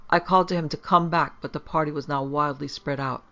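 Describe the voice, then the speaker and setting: A man reading a horror story aloud in a measured, grave way. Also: on the high side, fairly even intonation, bright, forceful tone. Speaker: narrator. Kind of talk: scripted horror story narration. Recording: dull lo-fi.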